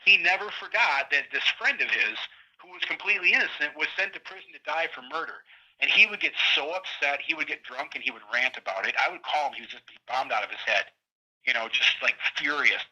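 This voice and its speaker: A middle-aged man calling in as a guest, telling a long story in a rambling, animated way and acting out what others said. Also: fairly high pitch, brisk. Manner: rambling, animated retelling with quoted voices. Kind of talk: casual storytelling interview. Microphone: phone line. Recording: tinny prison phone line.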